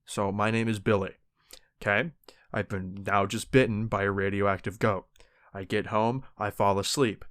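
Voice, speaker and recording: A man's voice: fairly low pitch, flat delivery, normal speed, a bit bright, no echo. A young man from Canada, a podcast co-host, improvising a silly story in a rambling, joking way with many restarts.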